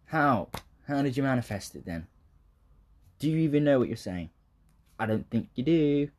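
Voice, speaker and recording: A man's voice: mid-range voice, big pitch swings, moderate pace, long pauses, a little mellow. Laid-back young southern English man. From southern England. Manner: swears freely, laughs often, trails off into tangents. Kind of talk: casual rambling monologue.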